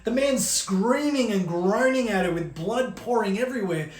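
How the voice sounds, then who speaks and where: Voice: mid-range voice, lively intonation, normal speed. A storyteller telling a scary story in a casual, chatty way, with "like" as a filler. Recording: roomy echo.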